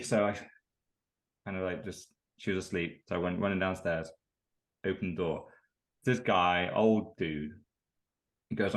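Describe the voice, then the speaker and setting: A man hosting a casual podcast, telling stories in an animated way and swearing freely. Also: sits low, unhurried, pauses often. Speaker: podcast host.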